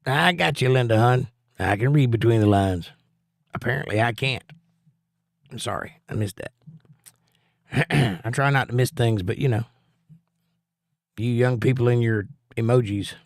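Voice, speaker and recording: A man's voice: mid-range voice, measured pace, vocal fry, pauses often, no echo. Middle-aged man, easygoing livestream host, folksy chat, dry close mic, no room. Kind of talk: casual chat reading viewer comments.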